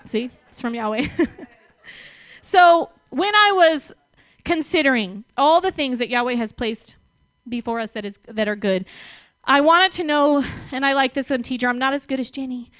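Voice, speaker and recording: A woman giving a sermon, animated and emphatic, often laughing between phrases. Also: sits high, normal speed, no echo. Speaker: speaker.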